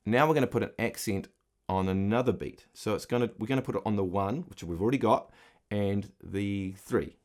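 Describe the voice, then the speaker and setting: Counting beats out loud as he strums, this middle-aged man gives a patient guitar lesson in a fairly quick, low-leaning voice. His acoustic guitar strumming comes through loudly beneath his speech.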